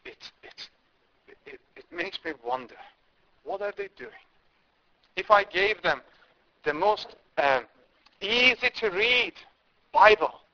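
A man's voice: fairly high pitch, gravelly, bright, forceful tone. A man from India preaching a sermon, impassioned, with emphatic rises and repeated words. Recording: dull lo-fi recording.

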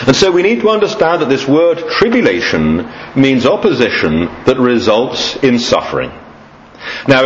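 A man with an English accent preaching an earnest, measured sermon with emphatic rises and low trailing endings. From England. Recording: echoey room, dull lo-fi sound.

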